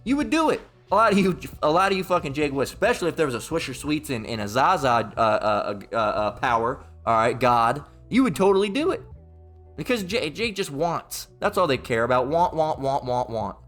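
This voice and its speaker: A man's voice: on the high side, expressive, fairly quick, fairly bright tone, faint music behind. A man with a Southern US accent preaching an informal Bible teaching sermon. He reads scripture, then breaks into heated, profane, repetitive rants.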